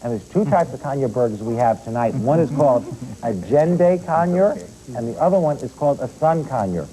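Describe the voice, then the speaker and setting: Explaining animals as a pet expert on a children's TV show, a man quizzes the studio kids with direct questions. His medium-pitched voice is expressive at a normal speed, with a crowd audible behind him on a rough recording.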